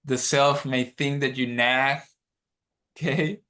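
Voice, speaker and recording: A man's voice: medium pitch, steady tone, bright, forceful tone. A man teaching a dharma workshop over a video call, guiding the group through an exercise and checking in often. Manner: unhurried, checks in often with "okay?".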